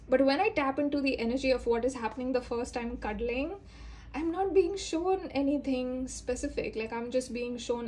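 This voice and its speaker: A woman's voice: a little high, darkish tone. A woman giving a casual spoken tarot reading, rambling with many fillers and acting out little quoted lines. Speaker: tarot reader.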